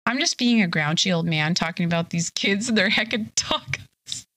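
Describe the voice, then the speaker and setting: A woman's voice: on the low side, lively intonation, moderate pace, a bit bright, dry recording, clean studio sound. A young woman streaming live, a little tipsy, chatting casually and bubbly as she reads her chat aloud.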